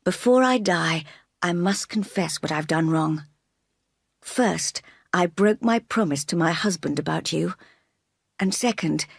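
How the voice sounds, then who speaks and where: A frail old aunt near death speaks in a weak, halting voice full of old resentment, as a woman reads her in a storybook. The tone sits low and dry. Her words come slow and grudging. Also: creaky, husky, no echo, full character voice. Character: dying bitter old aunt, spiteful and weak.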